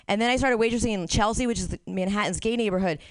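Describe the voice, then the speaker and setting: Woman, stand-up comic, crude and candid, smooth clear voice, dry close sound. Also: medium pitch, fast, no room sound. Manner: candid, crude, laughs at own jokes. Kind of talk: stand-up comedy set.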